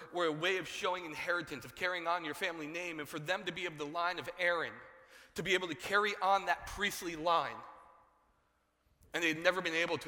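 Bright-voiced preacher in a big echoing hall. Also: male voice, on the high side. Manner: animated storytelling, acting out dialogue. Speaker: pastor. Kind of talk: sermon.

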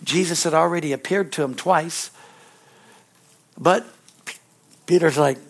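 Energetic middle-aged preacher, a man. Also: fairly high pitch, unhurried, long pauses. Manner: rising to loud preaching bursts, calling out "Amen?"; addresses children in the congregation. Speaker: pastor. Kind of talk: sermon.

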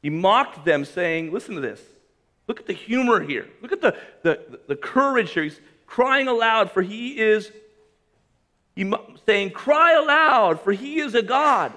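A man preaching a sermon, reading scripture aloud and commenting on it with humor and emphasis, swinging between loud raised lines and quiet, low drops. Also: expressive, unhurried. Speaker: pastor.

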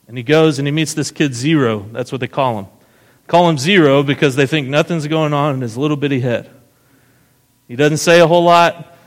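Man preaching in a reverberant hall. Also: medium pitch. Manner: casual storytelling, keeps checking in with "right?". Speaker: pastor. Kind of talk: sermon.

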